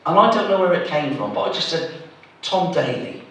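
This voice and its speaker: Middle-aged Gloucestershire comic, self-mocking and rambling, a touch high, echoey hall heard from afar. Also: male voice, animated, quick pace, fairly bright tone. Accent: Gloucestershire English. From Gloucester, England. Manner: self-deprecating, rambling with restarts. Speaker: stand-up comedian. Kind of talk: stand-up routine. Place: village hall stage. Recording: very echoey hall, mic from a distance.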